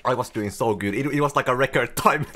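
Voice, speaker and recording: A man giving gameplay commentary. He swears a lot, gets excited fast and yells when things go wrong. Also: medium pitch, slight background noise. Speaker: gaming YouTuber.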